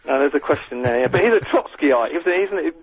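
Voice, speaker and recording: A man's voice: on the high side, expressive, brisk, breathy edge, no echo. A man hosting a radio show, chatting in a rambling, jokey way, heard over a tinny, phone-like line. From English countryside. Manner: rambling, jokey, self-mocking storyteller. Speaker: radio host. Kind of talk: casual radio banter.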